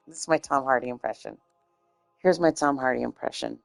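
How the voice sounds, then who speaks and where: Woman streamer, low pitch, slightly hoarse, loose rambling chat with swearing. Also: animated, quick pace, no echo, faint music behind. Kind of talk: casual chat.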